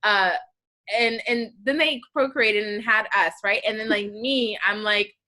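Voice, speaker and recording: A young American woman hosts a casual podcast interview. Her voice is bright and ringing. She tells stories in a chatty, meandering way, full of fillers. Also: mid-range voice, unhurried. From United States. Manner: chatty, animated storytelling with many fillers. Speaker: podcast host.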